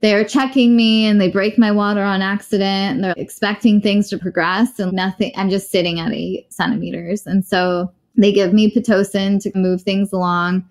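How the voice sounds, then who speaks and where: A woman's voice: medium pitch, fairly even intonation, normal speed, few pauses. A young adult woman in a podcast interview, telling a personal story candidly and bluntly, acting out what others said. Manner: candid, blunt, acts out quoted voices.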